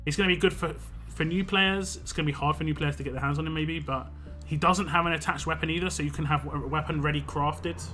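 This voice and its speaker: A man's voice: fairly high pitch, steady tone, fast, few pauses, sharp tone. Man, game streamer, casual opinionated chat, filler words, faint music behind. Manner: chatty, opinionated, lots of "like" and "um". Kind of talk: casual live-stream commentary.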